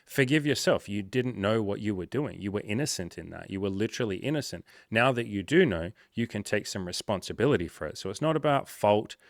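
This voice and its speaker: A man's voice: lowish voice, no echo, clean studio sound. A man talking as a life coach, giving casual motivational advice in a blunt, direct, often profane way.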